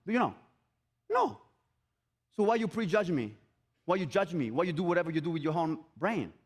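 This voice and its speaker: Animated man giving a motivational talk. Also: high voice, a little fast. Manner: energetic and repetitive, with rhetorical questions. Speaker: motivational speaker. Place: event stage.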